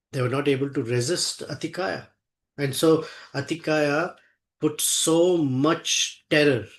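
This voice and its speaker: Slow, earnest man retelling scripture. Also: medium pitch. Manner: chants Sanskrit verses, then explains them in English. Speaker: scripture teacher. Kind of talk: devotional scripture storytelling.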